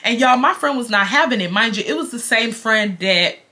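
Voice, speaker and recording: A woman's voice: on the high side, animated, a little fast, bright, forceful tone. A woman, telling a frank, slangy storytime to her viewers and calling them y'all. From Houston, Texas. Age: 20s. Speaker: storytime vlogger.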